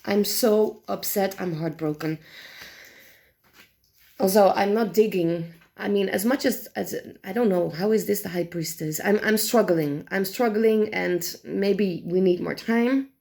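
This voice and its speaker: A woman reviewing tarot decks in casual chat, animated and exasperated, swearing freely and talking with many fillers and restarts. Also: medium pitch, a little slow, creaky.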